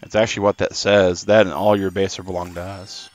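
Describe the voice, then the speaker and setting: A man's voice: low voice, little pitch movement, a little fast, no room sound. A man live-streaming a game, chatting and rambling casually to his viewers. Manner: chatty and rambling, talking to chat.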